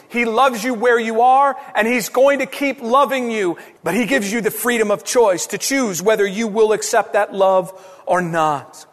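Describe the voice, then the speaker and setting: Man preaching slowly in a reverberant hall. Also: extremely high pitch. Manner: impassioned preaching with sweeping rises and hushed drops. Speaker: pastor. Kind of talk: sermon.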